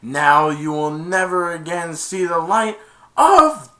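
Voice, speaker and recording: A man voicing an ancient, commanding cave spirit with slow, drawn-out, loud pronouncements. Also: on the high side, big pitch swings, voice pushed up, heavily acted. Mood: menacing.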